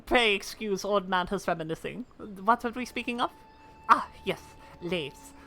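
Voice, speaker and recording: Girl reading old guy lines, dreamy, bit formal, low music under it. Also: normal speed, sharp tone. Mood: wistful. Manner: wistful, formal storytelling. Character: old man reminiscing about airship days. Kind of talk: reading game dialogue aloud.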